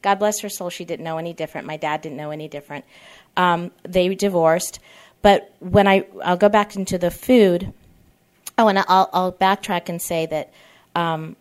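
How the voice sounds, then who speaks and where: Speaking in a meeting room at a twelve-step support meeting, a woman about fifty shares candidly, rambling and frequently doubling back. She talks at a moderate pace with a fairly low, clean-toned voice and fairly even intonation.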